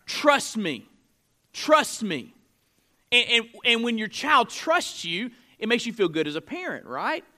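Male preacher with a high, bright voice, emphatic and conversational at the pulpit. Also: sing-song, moderate pace, few pauses. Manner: emphatic, conversational preaching with frequent "right?" tags. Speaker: pastor. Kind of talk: sermon. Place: church room with a live congregation.

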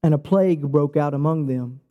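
A man preaching a sermon, telling stories with quoted dialogue in a casual, lively way. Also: a little high, normal speed, narrow, tinny audio. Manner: animated storytelling with quoted dialogue; casual, says "bro" and "like". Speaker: pastor.

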